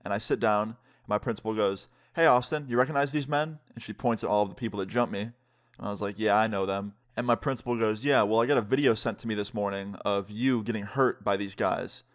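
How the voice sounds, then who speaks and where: A man's voice: on the low side, steady tone, brisk. Laid-back young man telling a story. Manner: laid-back, swears freely, acts out the quotes. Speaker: vlogger. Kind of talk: casual story time.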